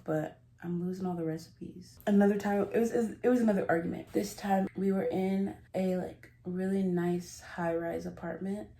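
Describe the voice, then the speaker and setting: A woman's voice: lowish voice, dark tone. A woman vlogger telling a rambling, giggly story in casual confessional chat, often cutting herself off. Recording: roomy echo.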